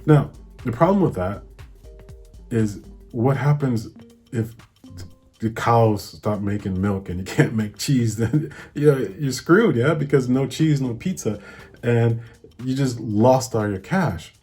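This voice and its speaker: A man's voice: mid-range voice, lively intonation, a little slow, slightly rough. A young man with a Hawaiian accent hosts an investing vlog, explaining things in an easygoing, chatty way and laughing often. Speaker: investing channel host. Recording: soft music behind.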